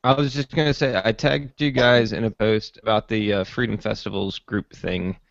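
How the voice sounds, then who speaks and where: Gravelly man on a dull call. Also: on the low side, steady tone, moderate pace, no echo. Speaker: participant on a call-in chat show. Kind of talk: casual chat. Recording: dull, dry lo-fi call audio.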